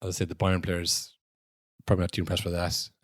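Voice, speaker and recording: Low-voiced man in casual football banter. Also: monotone, fast, no room sound, studio quality. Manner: swears freely, acts out quotes in loud mocking voices. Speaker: podcast co-host. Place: podcast studio.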